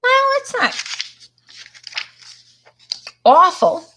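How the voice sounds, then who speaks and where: Very high-pitched and bright, this older Long Island, New York woman speaks forcefully with big pitch swings and drawn-out words, over a slight hiss or hum. She hosts an art live stream, casually rambling through a story and talking to viewers as she demonstrates.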